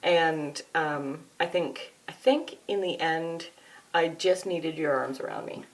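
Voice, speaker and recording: A woman's voice: deep voice, takes it slowly, rough recording. A woman guest on a podcast, chatting and reminiscing over drinks, often trailing off. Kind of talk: casual chat over drinks.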